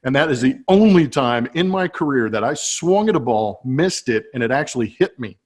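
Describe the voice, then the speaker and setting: A man in his forties, a former baseball player, telling a self-deprecating story in a relaxed, chatty way with many fillers. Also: mid-range voice, moderate pace. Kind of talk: casual anecdote telling.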